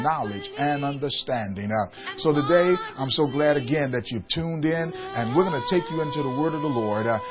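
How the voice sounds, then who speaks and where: A man's voice: mid-range voice, lo-fi sound. A man, a bishop preaching a radio sermon, building up to emphatic repeated questions to his listeners. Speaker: bishop and pastor.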